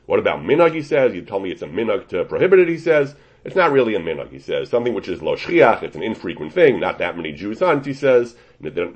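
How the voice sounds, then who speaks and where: Man, Talmudic lecture, animated delivery, dull lo-fi sound. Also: on the low side. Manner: explains a source step by step with frequent restarts. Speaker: Torah teacher. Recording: dull lo-fi recording.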